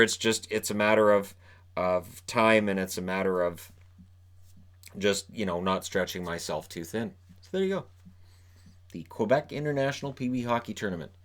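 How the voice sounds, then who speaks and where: A man with a fairly low voice delivers his daily hockey news in a casual, unscripted way. He rambles and restarts his sentences as he goes. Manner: animated, rambling with repeated restarts. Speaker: hockey commentator.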